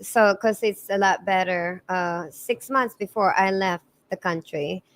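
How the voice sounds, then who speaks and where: A woman's voice: medium pitch, unhurried, fairly bright tone. A middle-aged woman with a Filipino accent, a podcast guest telling her life story in an earnest way, with many restarts and repeated words. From Philippines. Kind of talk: emotional storytelling in conversation.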